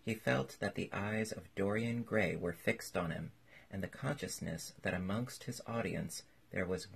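A man narrates a classic novel in a measured, even way. His voice is deep and gravelly, and heavily husky throughout. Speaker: audiobook narrator.

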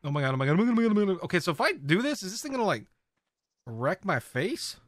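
A man giving casual running commentary as he plays a video game, talking to his viewers and often bursting into excited exclamations. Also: high-pitched, rapid-fire, no room sound. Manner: excitable, squeals often, chatty. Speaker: game streamer.

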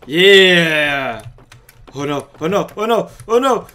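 Let's play guy, jumpy, lively voice, bright and sharp, keeps talking to viewers. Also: high voice, slow. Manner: frantic, excitable, chatty with viewers. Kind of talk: gaming commentary.

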